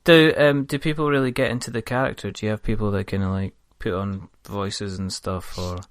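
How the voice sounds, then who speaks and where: A man's voice: fairly low pitch, fairly even intonation, fairly quick, no room sound. A man hosting a gaming podcast, chatting casually in a rambling, jokey way. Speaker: podcast host. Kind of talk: casual chat.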